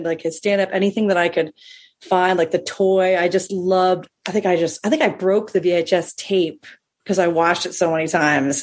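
A woman with a breathy, airy voice tells stories in an easy conversation. She is animated and laughs readily. She slips into high-pitched impressions when she quotes people. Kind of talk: casual storytelling chat.

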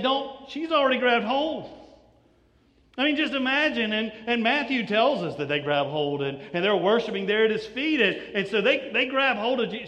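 A man preaching a sermon in a church, telling the story in an animated way with many restarts. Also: very high voice. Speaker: pastor. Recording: reverberant church hall.

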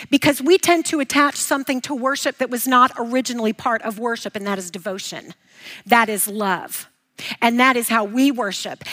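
A woman's voice: fairly high pitch, fairly bright tone. A woman teaching a bible lesson, emphatic, posing questions and answering them herself. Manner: emphatic, repeats key points, asks and answers own questions.

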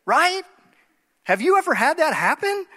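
A man's voice: sits high, normal speed, fairly bright tone, in a large hall. A man preaching a sermon conversationally, checking in with listeners and acting out everyday scenes with rising intensity.

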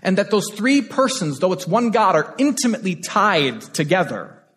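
A male pastor preaching a sermon with passion, repeating phrases and moving between loud, urgent lines and hushed ones. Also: high voice, very animated, normal speed. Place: church sanctuary. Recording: long hall reverb.

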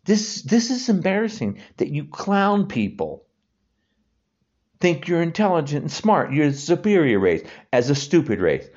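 On a dull lo-fi recording, a man in his sixties rants angrily and insultingly, going over the same points again and again. His fairly high voice is sing-song, unhurried, and a little mellow.

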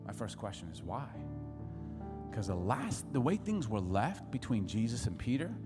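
A middle-aged man preaching a sermon, telling stories in an animated way and acting out other people's voices. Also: lowish voice, moderate pace, loud music behind the voice. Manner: animated storytelling, acts out voices and laughs. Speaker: pastor. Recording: long hall reverb.

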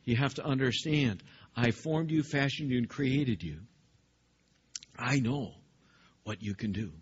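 A man voicing a stern, fatherly divine figure in a slow, emphatic parental tone. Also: medium pitch, lo-fi sound, a little hiss or hum, close to an everyday voice. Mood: reassuring.

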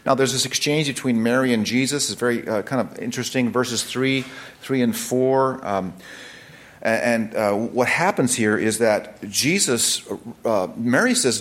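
A man delivers a scripture teaching sermon at a mid-range pitch. His delivery is relaxed and conversational, with frequent restarts and side remarks as he explains the text. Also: moderate pace. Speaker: preacher.

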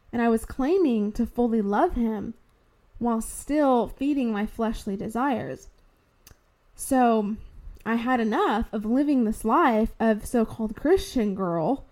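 A woman's voice: a little high, warm tone. A young woman telling her personal faith testimony in an earnest, heartfelt way, at times fighting back tears. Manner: earnest, heartfelt, slow and deliberate. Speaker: podcast host sharing testimony.

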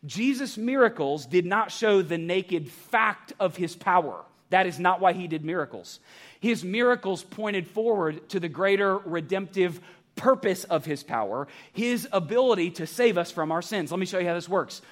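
A man preaching a sermon to a church congregation, animated and joking, asking the crowd rhetorical questions. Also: high voice, moderate pace. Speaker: pastor. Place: church sanctuary.

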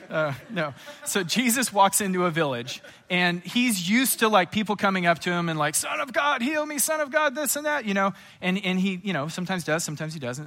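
Bright-voiced man preaching an animated sermon. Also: high voice. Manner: lively storytelling with casual asides, acting out scenes. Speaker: pastor.

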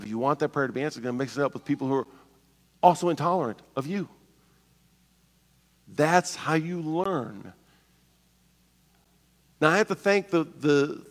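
A man with a high, bright voice preaches with bursts of humor, putting on voices for the characters in his anecdotes. His words ring out with the long reverb of a church sanctuary. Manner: animated, joking, acts out voices of people in his stories. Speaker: pastor. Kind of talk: sermon.

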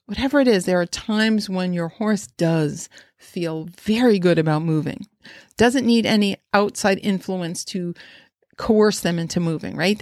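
A woman's voice: medium pitch, a little mellow, dry recording, clean studio sound. A woman horse trainer giving an instructional talk, rambling with restarts and asking the listener many questions.

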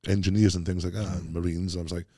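A man's voice: low voice, flat delivery, fast, mellow, no echo, clean studio sound. A Welsh man telling stories as a podcast guest, rambling and laughing easily, full of British slang. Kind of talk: casual chat.

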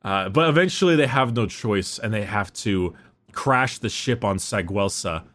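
A man co-hosting a casual book discussion podcast, summing up the plot with fillers and quick quoted asides. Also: fairly low pitch, lively intonation, a bit bright. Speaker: podcast co-host.

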